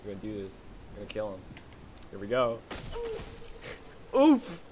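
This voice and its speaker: A man giving excitable, chatty commentary while streaming a game. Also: on the low side, moderate pace, a little hiss or hum. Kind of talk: casual gameplay commentary.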